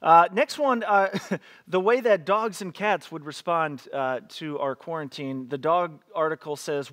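A man's voice: fairly high pitch, a little slow, fairly bright tone. A man preaching a casual online sermon as pastor, chatty and joking, laughing between readings. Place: church, streamed online.

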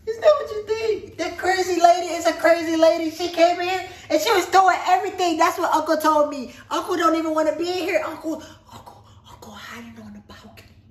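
A man's voice: very high voice, brisk. A man playing a whiny seven-year-old boy who pleads and tattles in a childish, repetitive way. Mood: tattling. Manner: pleading, childish, repeating himself. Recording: echoey room with background noise.

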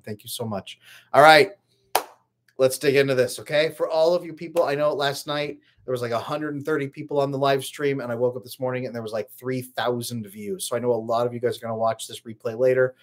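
A man's voice: medium pitch, brisk. A man coaching on relationships in a live stream, talking casually and greeting viewers from the chat by name.

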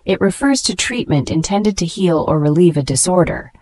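A woman reading a scripted vocabulary lesson, spelling each word letter by letter and slowing down to pronounce it, with praise for the learner between words. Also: lowish voice, lively intonation, a little mellow, no room sound. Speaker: English vocabulary teacher.

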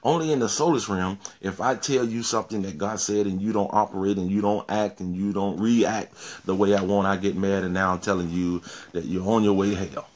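A man's voice: sits low, steady tone, fairly quick, darkish tone. A male pastor giving an informal sermon, often repeating words and restarting, then rising to emphatic peaks.

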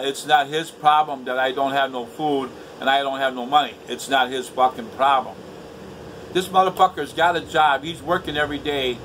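Bitter older man venting to camera, harsh bright voice, pitched a bit high, faint hum behind. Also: rough recording. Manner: profane, bitter, repetitive. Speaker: vlogger. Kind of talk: angry rant to camera. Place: indoors at home.

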